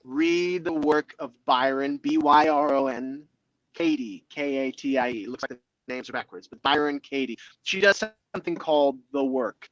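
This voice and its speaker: Expressive man, dry close sound. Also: medium pitch, normal speed, dry recording, muffled recording. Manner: expressive, acts out inner dialogues in other voices. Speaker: guest speaker. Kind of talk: motivational interview talk.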